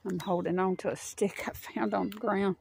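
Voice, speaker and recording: Gravelly woman, out of breath. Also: medium pitch, steady tone, normal speed, a little mellow, a little hiss or hum. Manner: chatty, rambling, talks sweetly to her dog. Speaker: vlogger walking her dog. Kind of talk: casual walking narration. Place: outdoor wooded park trail.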